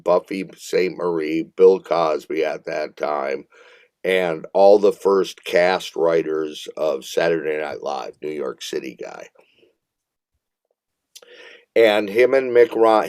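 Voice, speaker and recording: A man from Minneapolis with a deep, low voice tells a long story as a guest musician. He talks in an animated, rambling way, swearing freely and laughing as he goes. The sound is dry and close, with no room around it. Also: no echo. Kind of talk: casual storytelling interview.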